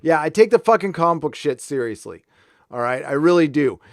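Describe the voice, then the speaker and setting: Brisk and animated, a man hosting a live stream uses his fairly high voice to rant angrily and swear heavily, then shifts into easygoing chat with viewers. There's no echo, just clean studio sound.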